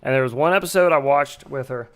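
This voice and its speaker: On his drone flight sim live stream, a man chats casually, joking and rambling in response to chat. His voice is medium-pitched and his pace is quick.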